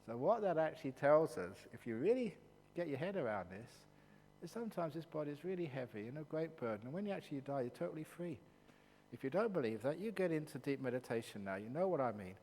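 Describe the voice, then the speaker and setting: Playful monk giving a dharma talk. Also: male voice, fairly high pitch, quick pace. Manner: playful, animated, teasing, with sudden hushed passages. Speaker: Buddhist monk teacher. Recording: echoey hall with faint hum.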